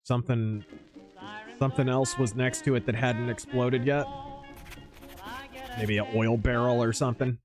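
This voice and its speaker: A man's voice: mid-range voice, steady tone, normal speed, long pauses, over music. A man streaming a video game, chatting casually with blunt, sarcastic opinions. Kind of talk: casual live-stream chat while gaming.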